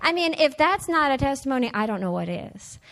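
A woman's voice: sits high, big pitch swings, fairly quick, fairly bright tone. Earnest woman giving testimony. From United States. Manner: earnest, repetitive, conversational. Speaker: teacher sharing a church testimony. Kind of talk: personal testimony talk.

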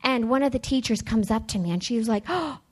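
Woman, fairly high voice, church testimony, earnest, conversational, repetitive. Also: fast talker. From United States. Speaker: teacher sharing a church testimony. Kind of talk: personal testimony talk.

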